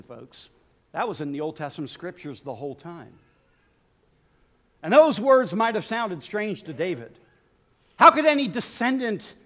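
A man's voice: very high voice, fairly bright tone. A man preaching a sermon in an emphatic style, speaking directly to his listeners.

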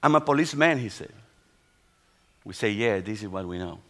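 A middle-aged man, a pastor whose first language is Spanish, tells a testimony in a sermon in halting English full of restarts. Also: lowish voice, animated, sharp tone. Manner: non-native English, halting storytelling with restarts.

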